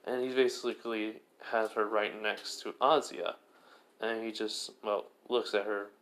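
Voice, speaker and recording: Lower-voiced man rambling through a fan story. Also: steady tone, a little slow, a bit bright. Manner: rambling, many fillers and restarts. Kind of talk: casual fan-fiction storytelling.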